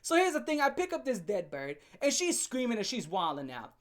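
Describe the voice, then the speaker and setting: A man's voice: very high voice, wildly swooping pitch, a little fast. Brief: young man, storytime vlogger, brash, crude, joking, rambles. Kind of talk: storytime rant.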